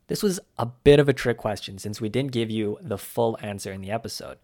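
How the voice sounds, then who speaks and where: A man's voice: on the low side, brisk, a little mellow. A man co-hosting a scripted language-lesson podcast, running quiz questions and explaining words in an upbeat teaching manner. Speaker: podcast co-host.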